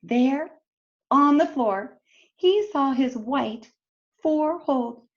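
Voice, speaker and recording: A woman teacher reads a storybook aloud to children, turning to them with questions. Her voice is high and lively, moving slowly through the story. The recording sounds dull and lo-fi. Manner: expressive, talks to children directly.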